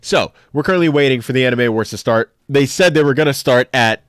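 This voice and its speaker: A young man streaming live, chatting casually with his viewers in an animated, joking way as he ranks characters on a tier list. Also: medium pitch, fast talker, clear, resonant tone, no echo. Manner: animated, jokey, talks back to chat.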